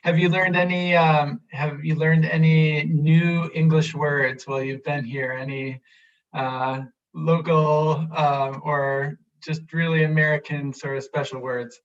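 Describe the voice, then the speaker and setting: A man's voice: a little high, little pitch movement, measured pace. A man hosts a live stream interview over a video call, in a slightly raised voice. He is friendly and encouraging, and his audio comes through dull and lo-fi. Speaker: host. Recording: dull lo-fi sound.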